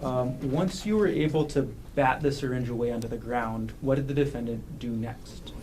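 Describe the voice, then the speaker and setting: A man questioning a witness in a courtroom, asking measured, formal questions. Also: mid-range voice, darkish tone, slight background noise. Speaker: prosecutor.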